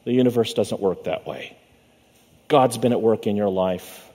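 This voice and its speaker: A male pastor preaching a sermon in a church sanctuary. He uses a measured preaching cadence, slowing down and dropping low on the words he wants to land. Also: mellow. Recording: long reverb of a church hall.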